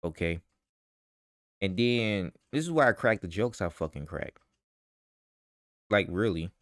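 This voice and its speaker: A man's voice: deep voice, animated, unhurried, fairly bright tone, dry recording, studio quality. A man in a vlog ranting heatedly with profanity and rhetorical questions. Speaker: vlogger. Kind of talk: ranting commentary.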